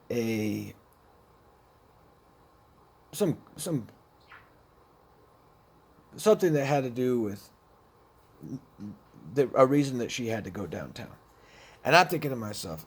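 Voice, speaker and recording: A man's voice: mid-range voice, lively intonation, measured pace, long pauses, slightly rough. A man telling a personal story about addiction in a blunt, profane way, with many restarts. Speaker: speaker sharing addiction experiences. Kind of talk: personal storytelling, recovery talk.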